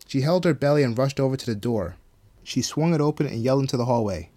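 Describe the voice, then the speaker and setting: A man reading a horror story aloud at a middling pitch, calm and even. His delivery is steady scripted narration. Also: fast.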